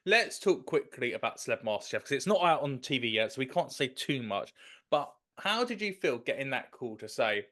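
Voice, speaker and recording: A man's voice: medium pitch, very animated, normal speed, sharp tone. A man hosting a podcast and asking his guest eager questions. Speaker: podcast host. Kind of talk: interview questions.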